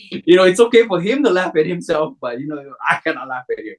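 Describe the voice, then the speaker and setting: A man's voice: medium pitch, animated, quick pace, slight background noise, rough recording. A Hawaiian man in his forties recounts his own story in a loose, conversational way. He rambles and restarts, filling the gaps with "you know," and slips into the voices of the people he describes. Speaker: contractor telling his story. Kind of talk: casual storytelling.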